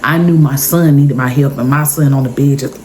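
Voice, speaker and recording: Woman, vlog story time, emotional and repetitive, deep low voice, faint background noise. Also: fairly even intonation, a little fast, a little mellow, rough recording. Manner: emotional, repetitive, intense retelling. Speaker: vlogger.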